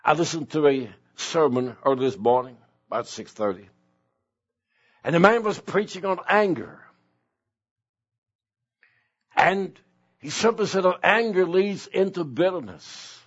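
An older male pastor preaching a sermon slowly and emotionally, dropping to soft tones for stress. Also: fairly high pitch, sing-song, slightly rough. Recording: dull lo-fi recording.

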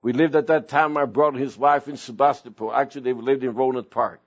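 A middle-aged or older man preaching a sermon as pastor, earnest, with sudden swings in pitch and slow emphatic phrases. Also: steady tone. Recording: dull lo-fi sound.

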